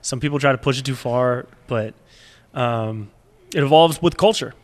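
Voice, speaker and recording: A man with a middle-pitched, everyday voice talks in a laid-back way, slipping jokes into the conversation. He sounds like a comedian relaxing as a guest on a podcast. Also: moderate pace. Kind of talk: casual chat.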